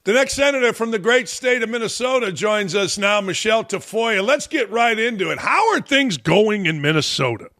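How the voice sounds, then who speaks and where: A man's voice: high voice, animated, moderate pace, few pauses. A man hosting his own talk show, ranting in a brash, mocking way. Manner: brash, mocking, loud jabs. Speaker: podcast host. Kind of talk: opinion rant on a talk show.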